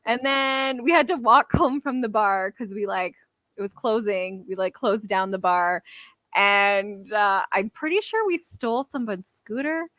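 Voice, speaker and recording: A young woman co-hosting a podcast, telling a party story in a rambling way, full of "like" and quick laughs. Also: medium pitch, a bit bright, no room sound. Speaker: podcast co-host. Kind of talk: casual chat.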